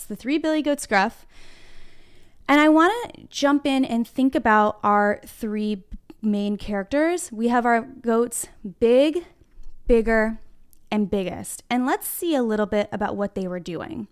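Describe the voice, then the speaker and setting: Kindergarten teacher, high and bright-voiced, clear, encouraging, talks right to the kids from her classroom. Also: moderate pace. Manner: encouraging, talks straight to the children. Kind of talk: online reading lesson for young children.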